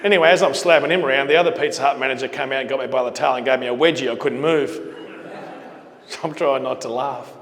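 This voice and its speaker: A man's voice: medium pitch, a little fast, fairly bright tone. A middle-aged man with an Australian accent telling a business story to an audience as a keynote speaker, acting out the dialogue of the people in it. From Queensland, Australia. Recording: long hall reverb.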